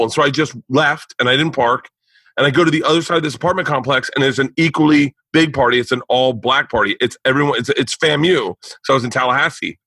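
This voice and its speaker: A man hosting a podcast, telling a long story to friends, animated, laughing and swearing often. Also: medium pitch, breathy edge, no room sound. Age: young adult. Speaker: podcast host.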